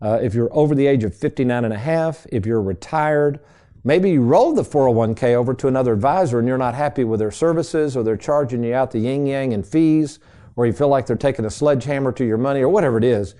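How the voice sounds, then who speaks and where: Folksy mellow-voiced man radio host. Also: mid-range voice, fast talker. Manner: folksy, addresses listeners as folks. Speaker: radio show host and financial advisor. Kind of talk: casual storytelling radio talk.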